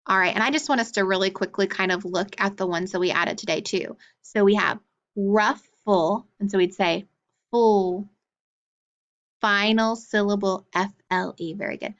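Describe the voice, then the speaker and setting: A woman's voice: medium pitch, fairly bright tone, highs cut off. Encouraging woman teaching phonics. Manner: patient, encouraging, sounds words out slowly. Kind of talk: phonics lesson for children.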